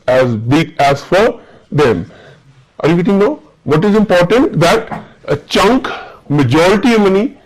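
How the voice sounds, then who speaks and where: A man with an Indian accent lectures a class, his voice pitched a little high. He keeps stopping to check that the students understand. The lecture is recorded in a classroom. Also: low-quality recording. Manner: checks understanding with repeated questions. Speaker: teacher.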